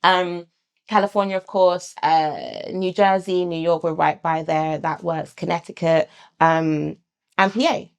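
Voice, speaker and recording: A British woman, a midwife and founder of a sonogram service, talking in a lively conversational interview and acting out other people's voices. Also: fairly low pitch, unhurried, smooth. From England. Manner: animated, acts out other people's voices in quotes.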